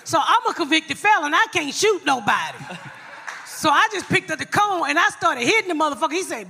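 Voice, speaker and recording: Brash high-voiced woman comic storyteller. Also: very animated, fairly quick, creaky, sharp tone, slight background noise. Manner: brash, blunt, laughs through her stories. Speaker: podcast host. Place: live show stage.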